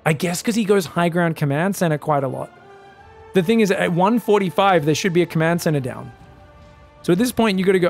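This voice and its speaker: High-pitched guy casting a game live, jokey and hyped, faint music behind. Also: quick pace, creaky. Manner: excitable, joking, yells at big plays. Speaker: esports caster.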